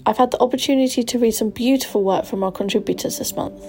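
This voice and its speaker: A woman's voice: a little high, fast talker, darkish tone, slightly rough, faint music behind. A young woman in her twenties, a student editor, presenting a literary showcase in a careful, earnest read. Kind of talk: scripted presentation.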